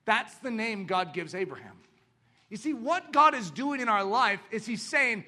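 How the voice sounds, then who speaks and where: A high-voiced man preaches at normal speed, animatedly putting rhetorical questions to the congregation. He acts out the voices of the characters in his story.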